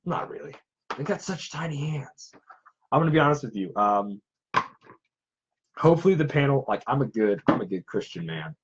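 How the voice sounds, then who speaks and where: A man's voice: on the low side, animated, fairly quick, slightly rough, dull audio. A man who makes props and cosplays, chatting casually and in a self-deprecating way. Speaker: cosplayer and prop maker. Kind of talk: casual chat.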